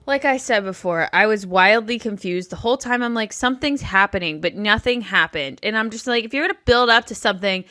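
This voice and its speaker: A woman's voice: medium pitch, brisk, few pauses, pushed and bright, no echo, clean studio sound. A woman co-hosting a reality TV podcast, chatting casually with some swearing and trailing-off sentences. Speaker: podcast co-host. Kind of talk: casual chat.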